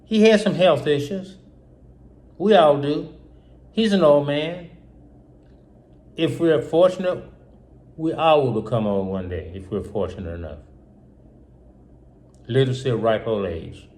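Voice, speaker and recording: A man's voice: medium pitch, lively intonation, measured pace, long pauses, a little mellow. A man hosting his own show, talking through an emotional political monologue that is full of repetition and rhetorical questions. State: upset. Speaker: host.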